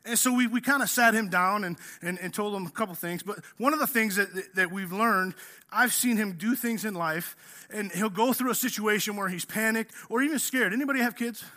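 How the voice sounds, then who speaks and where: Male pastor, 30s, high and very bright voice, animated preaching that jumps up for quoted lines. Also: fairly quick. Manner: animated, acts out quotes with rising pitch and shouts. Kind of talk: sermon.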